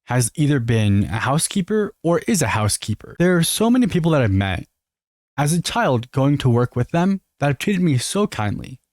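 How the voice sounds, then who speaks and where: A man's voice: medium pitch, darkish tone, no room sound, clean studio sound. An American man giving earnest, opinionated reaction commentary, talking straight to his viewers. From United States. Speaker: commentary youtuber.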